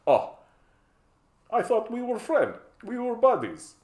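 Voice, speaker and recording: A man's voice: extremely high pitch, huge pitch swings, slow, darkish tone, echoey room, voice pushed up, exaggerated voice. A man doing Russia with a mock accent. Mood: hopeful pleading. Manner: mock foreign accent, pleading. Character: eager Russia as a hopeful, wounded friend.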